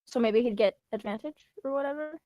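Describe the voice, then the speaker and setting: A woman playing in a tabletop game, talking in a lively way and laughing often. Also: a little high, quick pace, no echo. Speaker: player. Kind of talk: casual tabletop game chat.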